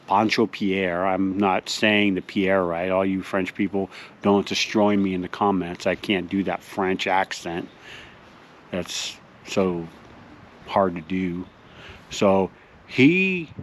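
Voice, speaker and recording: A man hosting a mock-serious tutorial outdoors, explaining things deadpan as if to kids. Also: fairly low pitch, a little hiss or hum. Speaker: host. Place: outdoors in a front yard by a mailbox.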